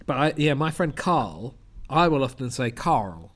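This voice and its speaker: A man's voice: mid-range voice, moderate pace, a bit bright. A man co-hosting a podcast, telling a story in a chatty way and laughing along with his co-host. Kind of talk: casual chat.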